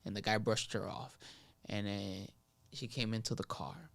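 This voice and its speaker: A man, a guest comedian, telling a story in a casual, animated way and switching into Spanish mid-sentence. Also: fairly low pitch, normal speed, creaky, dry recording.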